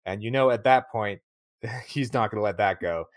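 This podcast co-host has a fairly low-pitched voice and a moderate pace, captured in a dry, studio-quality recording. He talks casually about a film, wandering off on tangents, laughing a lot, and performing lines loudly.

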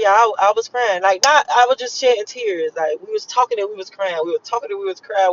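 A woman's voice: fairly high pitch, lo-fi sound. A woman vlogging while driving home, talking to her viewers in a rambling, emotional, profane way with lots of fillers. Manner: emotional, profane, repetitive storytelling with many fillers. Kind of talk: casual rambling monologue.

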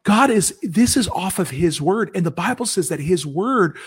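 A man's voice: high voice, lively intonation, breathy edge. A man sharing an earnest personal testimony on a Christian broadcast, preaching with emphasis and often restarting his sentences. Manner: earnest, emphatic preaching tone with rapid self-corrections. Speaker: guest speaker.

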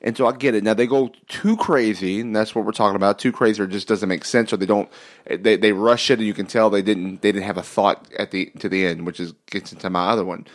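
A man co-hosting a casual wrestling podcast, his voice sitting a little low. He rambles as he talks, backing up and restarting his sentences. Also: fairly even intonation, quick pace. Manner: rambling, lots of restarts and fillers. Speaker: podcast co-host.

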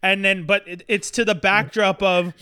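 A man co-hosting a casual movie chat, rambling and animated, often slipping into mock voices. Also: sits high, normal speed, clean tone, no room sound, studio quality.

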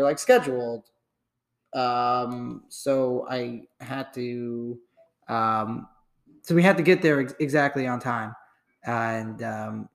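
A young man tells a story in a loose, rambling way, tripping over restarts. His voice has a gravelly edge and sits in a middle pitch. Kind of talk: casual storytelling chat.

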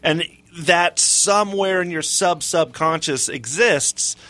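A man's voice: a little high, slow, sharp tone, no room sound. A man with a Southern US accent co-hosting a podcast, explaining terms and reading out definitions. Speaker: podcast co-host. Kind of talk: casual chat.

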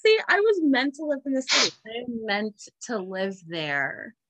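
A woman's voice: fairly high pitch, huge pitch swings, moderate pace, a bit bright, slight background noise, low-quality recording. A woman from the Southern Midwest hosting a podcast, sarcastic and laughing often in casual chat. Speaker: podcast host.

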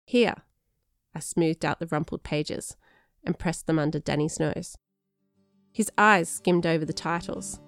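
A woman narrating a first-person story in a lively, expressive way. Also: low-pitched, a little slow, dry recording, soft background music. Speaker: audiobook narrator.

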